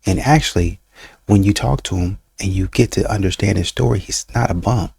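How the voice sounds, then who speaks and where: A man with a very low, gravelly voice answers a clip point by point, pressing it with questions. His tone is husky and a little rough, and the sound is close and dry with no room around it. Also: a little fast, a little mellow, no echo. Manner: argumentative, questioning, mocks the other side. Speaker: reaction channel host. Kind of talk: commentary reacting to clips.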